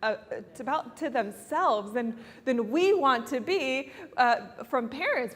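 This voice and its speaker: Woman, high voice, family counselor, live talk, earnest and persuasive, long hall reverb. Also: expressive, measured pace, a bit bright. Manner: earnest, persuasive, laughs often, quotes scripture. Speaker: family counselor speaking at a conference. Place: event venue before an audience.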